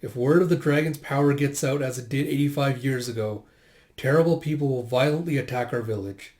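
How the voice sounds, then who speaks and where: A stern village elder from a comic, giving orders in a commanding way, as a man reads his lines. His voice has a plain middle pitch for a man. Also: a little fast, a little mellow, natural voice.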